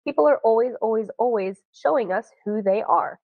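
A woman's voice: on the high side, fairly quick, vocal fry, dry recording. Frank woman, tinny dry recording. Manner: frank, animated, acts out quoted voices. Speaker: self-help speaker. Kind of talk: casual advice monologue. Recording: dry, tinny phone-like sound.

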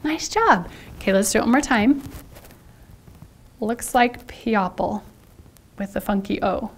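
A woman teaching first graders sight words, animated and spelling out letters one at a time. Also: mid-range voice, fairly quick, breathy edge. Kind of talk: sight word lesson for children.

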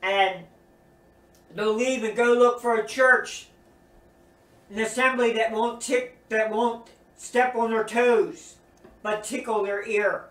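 A high-pitched man preaches slowly and earnestly, leaning on repetition for emphasis. He sounds set back from the mic in a roomy, echoing space. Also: fairly even intonation, a bit bright. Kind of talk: recorded sermon teaching. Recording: roomy echo, distant from mic.

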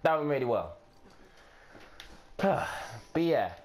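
A man's voice: a little high, very animated, slow pace, a crowd in the background. A man giving casual, offhand gameplay commentary, swearing and thinking aloud as he plays.

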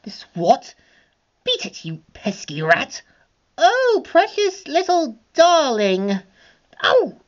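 A woman's voice: high voice, sing-song, slow, pitched above the performer's own voice, heavily acted. A woman voicing a vain, haughty villainess obsessed with fashion, speaking in a grand and theatrical way. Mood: scornful. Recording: dull lo-fi home recording.

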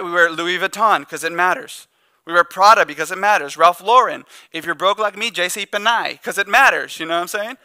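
A man preaching a sermon as the pastor, in a conversational, joking style with animated storytelling. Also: sits high, dry recording.

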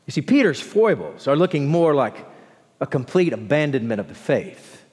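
Animated preacher in a reverberant church. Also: male voice, breathy edge. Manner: expressive preaching, dropping low and slow for emphasis. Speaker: pastor. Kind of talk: sermon. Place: large church sanctuary. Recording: long church hall reverb.

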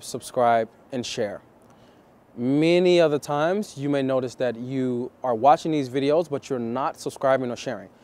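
A man coaching viewers on dating in a vlog, talking deliberately and repeating key phrases for emphasis. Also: medium pitch, darkish tone.

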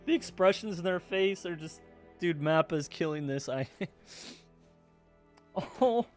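A man casually reacting to an anime episode, excitable, swearing and laughing often as he talks. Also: on the high side, normal speed, soft background music.

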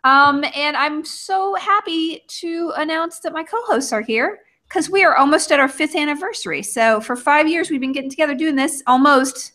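A woman's voice: high-pitched, normal speed, few pauses, sharp tone. A woman hosting a book club video chat, bubbly and teasing, laughing often over a home webcam.

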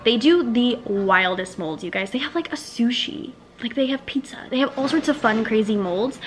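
A young woman, chatting casually to camera about her small business, gushing and sometimes dropping to a whisper. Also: fairly high pitch. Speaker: vlogger running a small wax melt business.

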